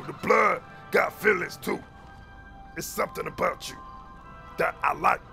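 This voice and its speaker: A man's voice: high-pitched, gravelly, pushed and bright, heavily acted. A man playing a scheming gang leader who smugly brags about his tricks in a homemade comedy skit. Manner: smug, boastful.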